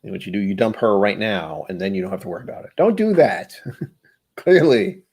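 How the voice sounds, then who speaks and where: A man's voice: on the low side, sing-song, a little fast, darkish tone, husky. A man hosting his own vlog, rambling through casual solo musings with self-deprecating humor. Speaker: vlog host.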